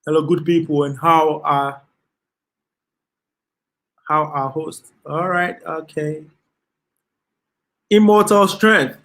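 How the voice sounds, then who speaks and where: A man with a Ghanaian accent hosting a casual live stream, reading viewer comments aloud and laughing often. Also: a little high. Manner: slow, relaxed, laughs often, slips into Ghanaian Pidgin.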